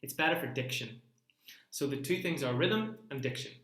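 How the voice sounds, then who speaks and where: Bright-voiced man coaching a singing class. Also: mid-range voice, lively intonation, moderate pace, reverberant. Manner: coaching, demonstrating vowels and singing examples. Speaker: singing teacher. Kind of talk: online singing lesson.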